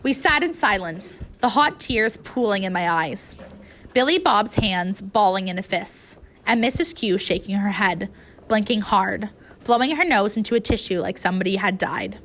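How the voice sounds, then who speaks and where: A woman reading a first-person audiobook aloud, with an emotional, expressive telling. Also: medium pitch, normal speed, slight background noise. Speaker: audiobook narrator.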